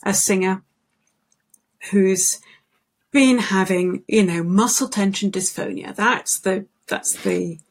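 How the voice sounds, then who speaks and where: A woman, a singing voice specialist, talking as a guest in an interview, thoughtful and unhurried, telling stories with many restarts. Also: medium pitch, vocal fry. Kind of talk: conversational interview.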